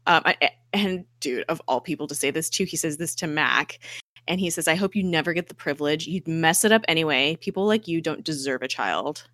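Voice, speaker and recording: Casual podcast co-host, woman, bright lower voice, animated retelling, dry close mic. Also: a little fast, dry recording. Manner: animated retelling, acts out characters' lines. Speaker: podcast co-host recapping a TV episode. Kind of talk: casual chat, retelling scenes.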